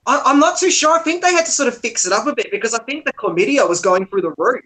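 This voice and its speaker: A woman co-hosting a casual livestream chat over a video call, telling animated stories. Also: on the high side, fast, low-quality recording. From Australia. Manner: animated storyteller who acts out quotes. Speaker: podcast co-host.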